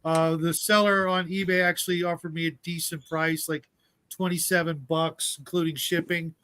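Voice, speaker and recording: Male host, slightly high voice, rambling amused storyteller on a home call. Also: flat delivery, normal speed, pushed and bright, clear, resonant tone. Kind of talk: casual online chat.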